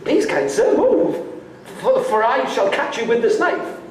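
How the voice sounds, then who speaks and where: A joyful mother from a told folk tale, her cries rising high and ringing, as a male storyteller puts her on. She calls out in a sing-song, lifted voice. The sound carries the strong echo of a large room. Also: very animated, unhurried, distant mic, a little hiss or hum, heavily acted. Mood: pleading. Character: joyful village mother, middle-aged woman. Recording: echoey room.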